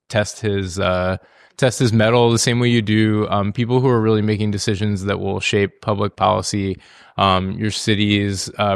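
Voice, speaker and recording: Gravelly low-voiced male educator. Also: no room sound, studio quality. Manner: casual, rambling, many fillers. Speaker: journalism educator. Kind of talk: panel talk to students.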